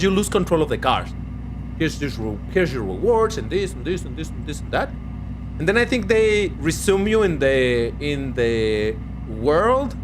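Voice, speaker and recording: A young man in casual streaming mode, chatting away as he plays a racing game. His voice sits a bit high and swings widely in pitch, animated and talkative. A faint background noise runs under the recording. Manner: animated, chatty, talks to viewers and his cat. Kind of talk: casual live-stream commentary.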